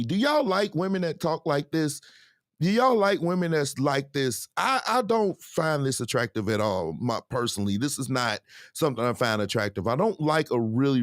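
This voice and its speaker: A man's voice: on the high side, no echo, clean studio sound. A man hosting a show, commenting on a clip and addressing his viewers in a direct, opinionated way. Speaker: host reacting to clips.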